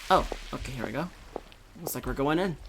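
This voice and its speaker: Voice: mid-range voice, brisk, creaky, background noise. A let's play gamer playing a mystery visual novel, muttering hesitantly between scenes.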